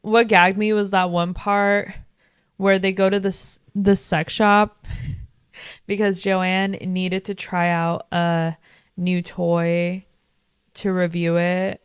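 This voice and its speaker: A woman's voice: on the low side, steady tone, takes it slowly, pauses often, smooth, no echo. A young woman in her twenties casually recapping a TV episode, chatty and full of fillers, swearing freely. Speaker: vlogger.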